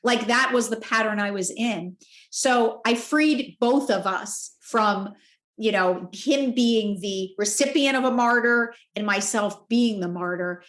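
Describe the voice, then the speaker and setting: A frank woman in her forties, guesting on a podcast, shares a personal story in a slightly high voice. Her delivery is heartfelt and expressive at a measured pace, and the room adds a noticeable, roomy echo.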